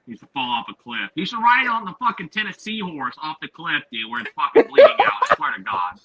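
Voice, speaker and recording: A young man co-hosting a sports podcast, ranting crudely and mockingly with big swings in pitch. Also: wildly swooping pitch, a little fast, over a noisy crowd, poor audio. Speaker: podcast co-host. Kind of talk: profane comedic rant.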